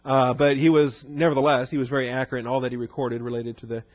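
Talking fast in a level, medium-pitched voice, a man teaches a conversational Bible study, often quizzing his listeners. There's no room sound, and the recording is dull and dry.

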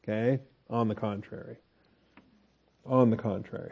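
Dark, mellow man teaching a Bible class. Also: mid-range voice, steady tone, normal speed, highs cut off. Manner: conversational, asks the class questions, restarts sentences. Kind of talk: Bible study lecture.

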